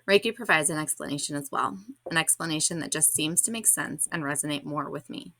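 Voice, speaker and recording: A woman's voice: low voice, brisk, pushed and bright, no echo. A woman podcast host reading her own blog post aloud in a candid, reflective and slightly awkward way.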